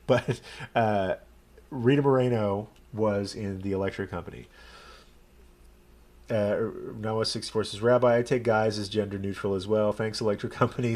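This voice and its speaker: A man from Texas with a Texan accent, a rabbi chatting casually and rambling on a live stream. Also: on the low side. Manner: rambling, chatty, self-deprecating.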